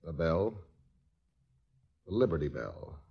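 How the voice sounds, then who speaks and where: An actor playing an earnest, idealistic young writer who has joined the army, in a 1940s radio drama, thoughtful and gently humorous. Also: male voice, a bass voice, big pitch swings, takes it slowly, vocal fry, breathy edge, lo-fi sound, exaggerated voice.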